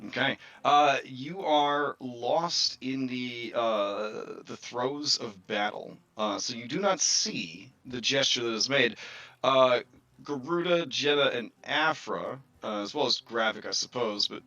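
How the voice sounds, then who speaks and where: A man with a bright, sharp-edged voice narrates as game master of a tabletop game. He talks in a relaxed way, filling pauses as he goes. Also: medium pitch, lo-fi sound.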